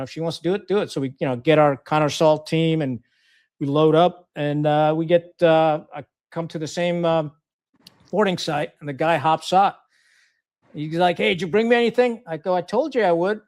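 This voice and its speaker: A middle-aged man from Pakistan, formerly a Marine officer, tells a war anecdote in a loose, blunt way. He acts out everyone's lines and swears freely. His voice sits a little high for a man. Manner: lively storyteller, acts out quoted dialogue, blunt and profane. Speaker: guest, retired Marine officer. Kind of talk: casual anecdote telling.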